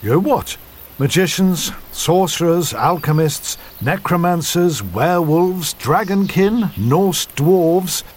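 A weary farmer husband a slightly raised pitch and a dry, matter-of-fact delivery. He stays level and unflappable throughout this radio soap parody. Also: expressive, slow.

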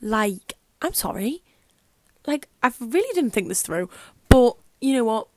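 A young adult woman with a voice on the high side rambles through a casual solo podcast chat, filling it with "like" and "um." She sounds very animated but talks a little slowly, with a darkish tone. The recording is dry.

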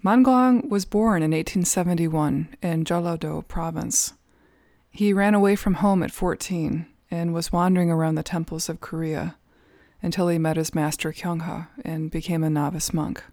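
A woman telling a teaching story for a podcast at a Zen center, calm and measured with a few soft fillers. Her voice sits on the low side. The sound is dry and close, with no room echo.

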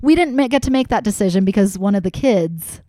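A woman's voice: medium pitch, lively intonation, brisk, warm tone, no echo, clean studio sound. A young adult woman chatting candidly as a podcast guest, rambling with lots of fillers. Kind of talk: casual chat.

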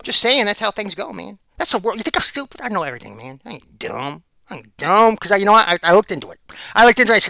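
A man's voice: sits high, big pitch swings, fast talker, gravelly, sharp tone. A man giving rambling solo commentary on fight picks, sarcastic and ranting, repeating himself.

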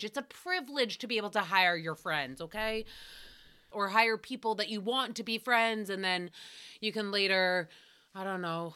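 Bright-voiced sarcastic woman in her thirties. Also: medium pitch. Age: 30s. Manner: sarcastic, riffing, swears freely. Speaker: podcast host. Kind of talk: casual recap podcast.

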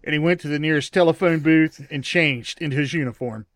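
A man's voice: on the high side, fairly quick, a bit bright, no room sound. A man co-hosting a casual movie review podcast, chiming in with dry, teasing sarcasm. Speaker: podcast co-host.

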